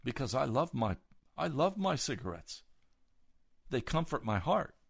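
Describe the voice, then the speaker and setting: A man voicing a sheepish adult male churchgoer hooked on cigarettes, mumbling low and reluctant. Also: big pitch swings, measured pace, gravelly, husky, no room sound, clean studio sound, full character voice.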